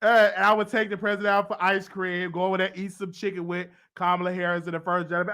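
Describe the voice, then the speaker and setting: A man with a Southern US accent hosting a show, rambling excitedly in a casual monologue that swings into loud emotional outbursts. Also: high voice, quick pace, few pauses, clear, resonant tone. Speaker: show host.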